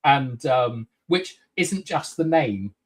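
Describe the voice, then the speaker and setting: A man guest in a casual film review chat, jokey and quick with tangents, swearing freely. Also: mid-range voice, lively intonation.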